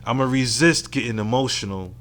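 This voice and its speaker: A man's voice: medium pitch, quick pace, a bit bright, soft background music. A man hosting his own podcast alone, talking in a frank, profane and reflective way into a mic at home. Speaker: podcast host. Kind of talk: casual solo podcast monologue.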